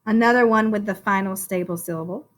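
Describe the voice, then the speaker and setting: A woman teaching a phonics lesson to first graders, sounding out words slowly and encouraging the children in a sing-song teacher voice. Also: medium pitch. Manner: slow, drawn-out sounding out of words.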